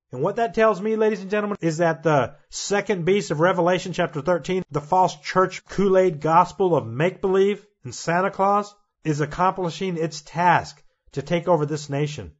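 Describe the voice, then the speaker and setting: A man's voice: sits high, dull audio. Earnest man telling prophetic dreams. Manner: earnest, grows fervent and emphatic. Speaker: preacher recounting prophetic dreams. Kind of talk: impassioned prophetic monologue.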